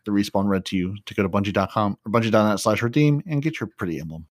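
Man, low voice, dry close mic, relaxed explaining, casual stream chat. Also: fast talker, no room sound. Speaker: stream co-host.

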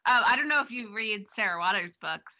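A woman's voice: medium pitch, expressive, fairly quick, pushed and bright, rough recording. A woman guest in a casual podcast chat, friendly and agreeable.

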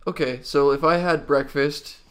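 A man's voice: a little high, fairly even intonation, normal speed, a bit bright, clean tone. Hesitant man thinking aloud on a podcast. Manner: hesitant, thinks aloud with many likes and restarts. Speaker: podcast co-host. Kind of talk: casual chat.

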